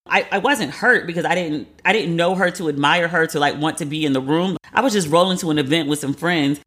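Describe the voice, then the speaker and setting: A woman talking straight into the mic in a loose, unscripted monologue. She is frank and swears freely. She breaks into little acted quotes of what she and others said. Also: lowish voice. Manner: candid, profane, animated storytelling with quoted asides. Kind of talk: casual storytelling monologue.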